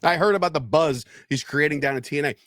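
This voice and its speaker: A man's voice: on the high side, fast talker, a bit bright, no room sound, studio quality. A man in his thirties co-hosting a casual wrestling podcast, swearing freely and acting out quotes. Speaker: podcast co-host. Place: podcast studio.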